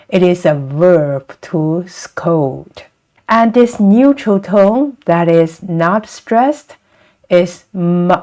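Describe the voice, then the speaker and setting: Woman, Chinese accent, language teacher, very unhurried, lowish voice, draws out each sound. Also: darkish tone. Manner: models sounds by drawing out vowels and tones. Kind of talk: slow, patient pronunciation lesson.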